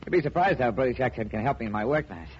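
A battered card sharp, played by a man, stammers out slangy pleas for help. The sound is a muffled old radio broadcast. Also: medium pitch, lively intonation, racing, a little hiss or hum, lightly acted. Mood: pleading. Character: battered male card sharp, nervous and pleading. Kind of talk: 1940s radio acting.

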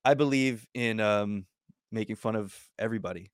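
A man's voice: on the low side, normal speed, no echo, clean studio sound. A man hosting a casual chat, friendly and teasing, laughing often. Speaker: podcast host.

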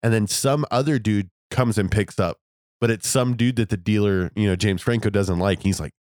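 A man's voice: fairly low pitch, moderate pace, darkish tone, dry recording, studio quality. A young man co-hosting a podcast, chatting in a laid-back, reflective way. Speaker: podcast co-host. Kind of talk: casual chat.

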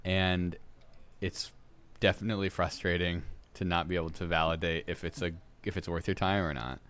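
Man, very low voice, bright edge, rambling casual co-host who laughs a lot. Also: steady tone, normal speed, smooth. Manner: rambling, laughs often, trails off into mumbles. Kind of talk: casual chat.

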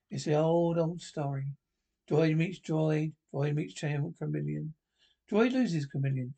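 A man's voice: on the high side, gravelly, dark tone. A man reading a comedy TV script aloud, voicing every part himself and reading the stage cues plainly between the lines. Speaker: podcast reader.

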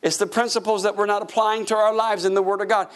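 A middle-aged man preaching a sermon, telling stories and acting out voices in a jokey, animated way. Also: sits high, fast. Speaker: pastor. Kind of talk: lively sermon with storytelling.

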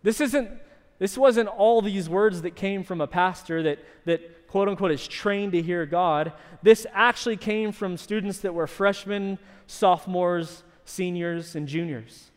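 A man preaching a sermon and telling a story with lively energy. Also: high-pitched, unhurried, in a large hall. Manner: animated storytelling, shouting in acted quotes. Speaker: pastor.

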